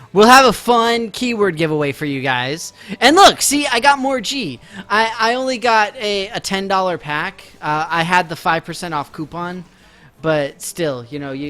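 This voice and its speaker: Chatty young man streaming a game, bright voice. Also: on the high side, expressive, normal speed. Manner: chatty, self-mocking, talks to chat while playing. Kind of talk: casual live-stream chat. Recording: game music playing faintly behind.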